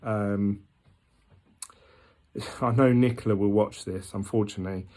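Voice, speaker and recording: A man's voice: on the low side, fairly even intonation, unhurried, mellow. A man, talking candidly and rambling in a casual vlog with lots of ums. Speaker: vlogger. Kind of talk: casual diet vlog talk.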